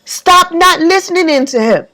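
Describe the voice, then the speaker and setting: A woman's voice: extremely high pitch, expressive, normal speed, sharp tone. A woman giving an impassioned religious monologue to camera, emphatic and repetitive, audibly emotional. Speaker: faith vlogger.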